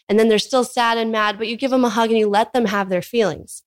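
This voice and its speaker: A woman's voice: fairly high pitch, fairly even intonation, fast, hardly any pauses. A young woman from California, a podcast guest, explaining her views earnestly in a casual interview and filling her long sentences with "like". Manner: earnest, talks in long runs peppered with "like".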